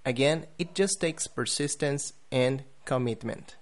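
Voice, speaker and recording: A man teaching English pronunciation. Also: mid-range voice. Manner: careful, deliberate, spelling out example words. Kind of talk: podcast lesson.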